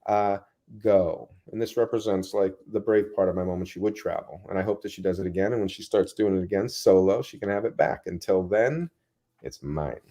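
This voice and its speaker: A man, a guest in a casual interview, telling rambling, animated stories full of asides. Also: sits low, brisk.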